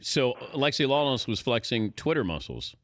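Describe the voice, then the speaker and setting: A man's voice: mid-range voice, big pitch swings, normal speed, dry recording, clean studio sound. A man hosting a sports talk radio show, interviewing a guest with playful, joking questions.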